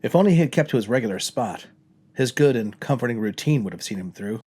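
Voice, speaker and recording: A man's voice: medium pitch, animated, quick pace, a little mellow, husky. A man narrating a comic short story aloud with a dry, wry delivery. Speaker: narrator reading his own short story.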